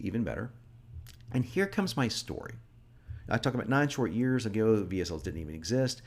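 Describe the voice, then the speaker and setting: Chuckling marketing coach, lowish voice. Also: male voice, fairly quick. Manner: lively, self-critiquing, chuckles often. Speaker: marketing instructor. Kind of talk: teaching with his own sales script.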